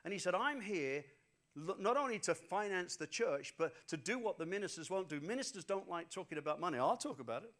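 An animated man preaching, with a fairly high voice for a man. He tells stories and hammers his points home by repeating phrases, as a pastor addressing a congregation. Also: brisk. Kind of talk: sermon.

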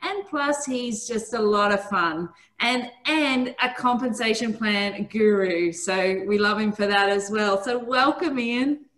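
A woman's voice: mid-range voice, a little slow, hardly any pauses, a bit bright, low-quality recording. A woman hosts a video call, thanking and introducing guests. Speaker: host.

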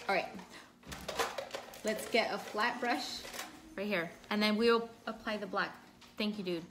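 A woman's voice: medium pitch, slow, long pauses, background noise. A woman hosting a casual livestream makeup tutorial at home, chatting and reading out viewers' names while she works. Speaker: makeup vlogger.

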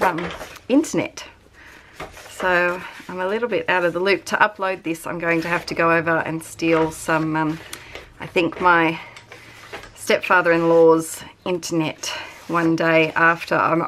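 A woman's voice: lowish voice, a bit bright, a little hiss or hum. An Australian woman at home, chatting casually and rambling as a craft vlogger. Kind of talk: casual chat.

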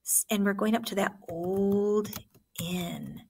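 A woman teacher leading an online class, explaining ideas one example at a time. Her voice sits at a middle pitch. She talks in a plain, guiding way and speaks straight to her students. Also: steady tone, takes it slowly, a little mellow, a little hiss or hum.

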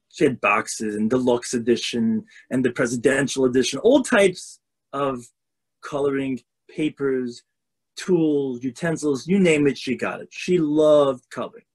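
Husky animated storytelling rabbi. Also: male voice, medium pitch. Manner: animated storyteller, shifts voices for characters. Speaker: rabbi and lecturer. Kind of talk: storytelling lecture. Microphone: video call.

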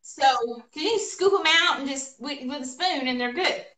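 High bright-voiced woman telling a story. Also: normal speed. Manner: animated, laughing storyteller. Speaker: co-host of a painting livestream. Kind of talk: casual storytelling chat. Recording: echoey room, voice a bit far from mic.

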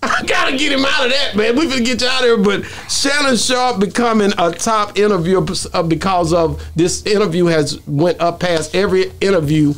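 A male interview host with a high-pitched voice. He talks in loose slang and keeps the chat casual, laughing and teasing along the way. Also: a little fast, few pauses, fairly bright tone.

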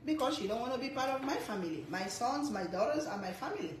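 A mother talks to her camera in a casual, animated way, half teasing and half lecturing, and she repeats herself often. Her voice sits fairly high. The room is echoey, with a faint hiss of noise behind her. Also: fast talker. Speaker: cooking vlogger and mother. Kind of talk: casual family chat to camera.

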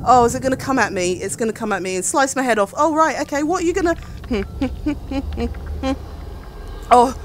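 A woman's voice: high-pitched, normal speed, a little hiss or hum. A frightened woman streamer giving a panicky, pleading running commentary as she plays, swearing as she goes. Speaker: gaming streamer. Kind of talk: reactive gameplay commentary.

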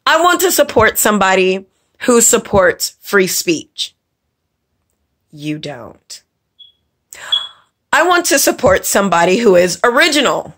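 A woman's voice: mid-range voice, very animated, measured pace, long pauses, a bit bright. A woman ranting to camera as a vlogger, blunt and profane, scolding and repeating words for emphasis. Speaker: vlogger and makeup teacher. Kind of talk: angry casual rant to camera.

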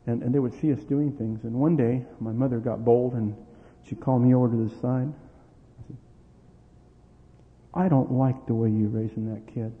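A man's voice: medium pitch, normal speed. A middle-aged man preaching and telling family stories, acting out the dialogue with bursts of energy. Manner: animated storyteller, acting out quoted dialogue, laughing. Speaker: pastor. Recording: tinny lo-fi with long hall reverb.

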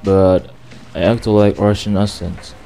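Brief: laid-back male game commentator, deep mellow tone, faint game music behind. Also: level tone, slow, creaky. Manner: chivalrous, playfully polite, talks to game characters. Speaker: gameplay streamer. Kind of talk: casual gameplay commentary.

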